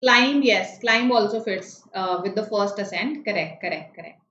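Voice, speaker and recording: A woman's voice: mid-range voice, normal speed, fairly bright tone, roomy sound, dull audio, a little hiss or hum. A woman, teaching a live online vocabulary lesson, explaining words patiently and checking in with students often. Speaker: online exam-prep teacher.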